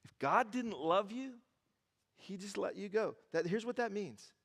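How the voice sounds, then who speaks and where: Animated preacher, gravelly voice. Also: male voice, high voice, unhurried. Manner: animated, joking asides, repeats phrases for emphasis. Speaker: pastor. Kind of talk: sermon. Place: large church auditorium. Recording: reverberant church hall.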